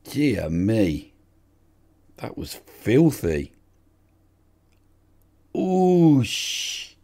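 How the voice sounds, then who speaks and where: Gravelly, excitable man commentating. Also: sits low, moderate pace. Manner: excitable, swears and shouts at his players. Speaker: gamer commentating a football management game. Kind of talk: casual live game commentary.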